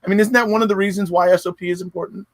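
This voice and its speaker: A man hosting a live online chat, agreeable and quick to affirm his guests. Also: high voice, steady tone, no room sound. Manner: agreeable, frequent short affirmations. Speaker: host.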